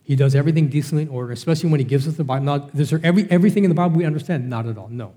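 Middle-aged guy preaching, chatty, asks the room questions, warm dark tone. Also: on the high side, rapid-fire. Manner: conversational preaching, rhetorical questions. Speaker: pastor. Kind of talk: sermon.

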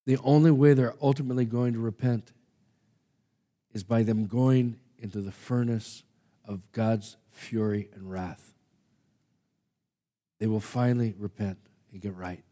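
A man preaching a sermon, reading scripture aloud and swinging from hushed asides to loud, emphatic passages. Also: lowish voice, steady tone, a little slow, long pauses. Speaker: pastor.

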